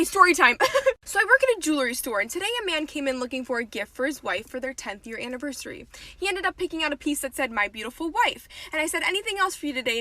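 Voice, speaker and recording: A woman in a casual storytime about her job at a jewelry store, with a sly deadpan delivery. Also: high voice, dry recording.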